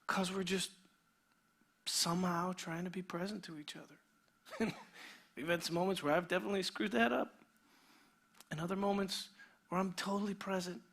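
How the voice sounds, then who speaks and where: A man, a pastor, preaching a sermon in a conversational way, sometimes dropping to a near whisper and sometimes building to an animated retelling. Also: high voice, normal speed, long pauses, breathy edge. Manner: shifts between quiet intimate passages and energetic animated retelling; conversational, with restarts and filler words.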